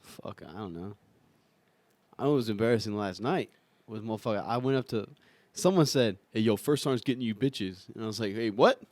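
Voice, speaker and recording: A man's voice: on the low side, brisk, darkish tone, no echo. A young man talking casually as a guest, laid-back and laughing through his stories. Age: young adult. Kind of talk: casual chat.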